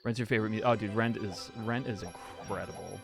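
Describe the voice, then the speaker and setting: A man's voice: fairly low pitch, brisk, creaky. A young man chatting casually on a live stream, rambling and swearing with lots of fillers. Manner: rambling, profane, frequent fillers and laughs. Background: music playing underneath.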